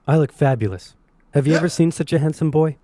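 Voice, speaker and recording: A man's voice: a little high, fast talker, mellow, close to an everyday voice. A man playing a vain, bossy king. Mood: self-admiring. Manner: self-admiring, dismissive. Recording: narration over clear background music.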